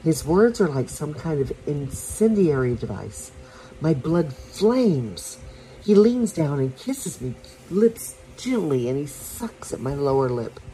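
A woman reading a romance story aloud for her podcast, soft and unhurried, with small slips and restarts. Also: sits low, very animated, a little hiss or hum, low-quality recording.

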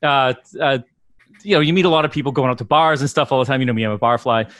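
A man's voice: mid-range voice, quick pace, a bit bright, no echo. A man from the area, telling stories in a profane, rambling way on a casual podcast, laughing often. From Boston area, Massachusetts. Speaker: touring musician and podcast guest. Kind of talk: casual podcast chat, storytelling.

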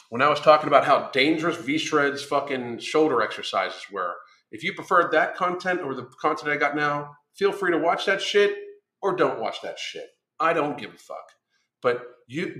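A man's voice: medium pitch, sharp tone, roomy sound. A man who is a weight-loss coach, delivering a blunt, combative monologue full of swearing. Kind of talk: profane ranting monologue.

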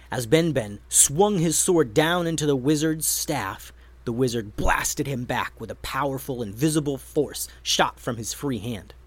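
A man narrating a children's adventure story in an expressive, animated reading voice. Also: mid-range voice, no echo.

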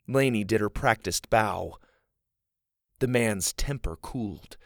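A man narrating an audiobook in an expressive, unhurried way. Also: on the low side, vocal fry, no echo, clean studio sound.

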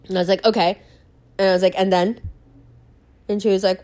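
A woman's voice: on the high side, a little fast. A woman with a New York accent giving blunt, profane life advice in a monologue, acting out bits of dialogue. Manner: brash, profane, animated, acts out dialogue.

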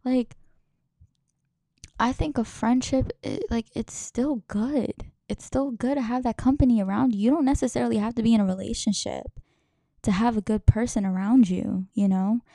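A woman's voice: on the high side, normal speed, creaky, mellow, no room sound, studio quality. A young woman hosting a podcast, talking in a rambling, emotional way, swearing and laughing often. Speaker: podcast host. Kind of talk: casual podcast monologue.

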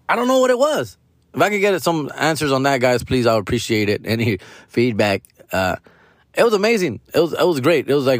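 A man's voice: medium pitch, no echo, clean studio sound. A man hosting his own comedy podcast, telling a rambling, profane story and calling his listeners fool and bro. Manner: loose, rambling, heavy swearing, calls listeners fool and bro. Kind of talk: casual profane storytelling monologue.

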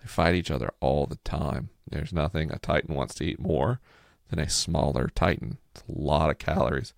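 A man co-hosting a podcast, speaking in a raspy, low-energy voice with heavy vocal fry. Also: moderate pace, dry recording, clean studio sound. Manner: relaxed, low-energy delivery. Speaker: podcast co-host. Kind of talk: casual podcast chat.

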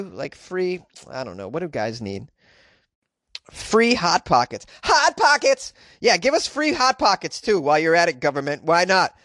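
A man's voice: sits high, a bit bright, dry recording. Chatty podcast guy, sarcastic and rambly, voice jumping all over, dry close sound. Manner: sarcastic, rambling, swears casually. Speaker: podcast host. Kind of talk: casual news commentary.

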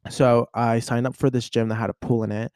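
A man's voice: medium pitch, fairly quick, dry recording, clean studio sound. A young man hosting a podcast, chatting casually and animatedly retelling a story, acting out the people in it. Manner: animated storyteller, acts out voices. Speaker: podcast host. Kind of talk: casual chat.

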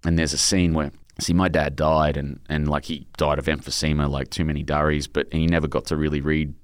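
A man's voice: rumbling low, level tone, brisk, smooth, no room sound, clean studio sound. A middle-aged Australian man, an author being interviewed, telling emotional stories in a rambling way with many restarts. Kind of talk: casual interview chat.

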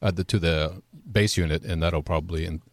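A man on a radio show speaking haltingly, with many pauses and restarts. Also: low voice, fairly even intonation. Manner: halting, full of fillers and restarts. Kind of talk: casual radio chat.

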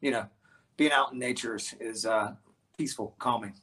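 Man, guest musician, casual interview chat, rambling storyteller, lots of fillers, mid-pitched voice. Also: moderate pace. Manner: rambling, animated storyteller with many restarts and fillers.

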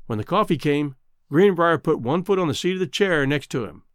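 A man narrating a classic story in an expressive storytelling manner. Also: a little high, fairly quick, dry recording, clean studio sound. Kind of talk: audiobook narration.

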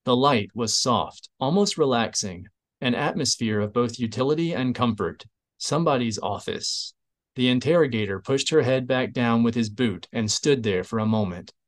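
A man narrating an audiobook in a steady, even reading voice. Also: mid-range voice, moderate pace. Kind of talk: scripted narration.

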